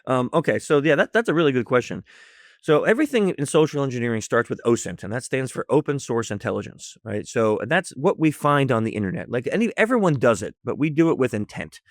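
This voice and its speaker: A man from the United States, a podcast guest, telling a story with lively energy and acting out each character's lines. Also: medium pitch, fast, no room sound, clean studio sound. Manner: lively storyteller acting out dialogue, laughs often. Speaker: guest, social engineer. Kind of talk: animated storytelling in a podcast interview.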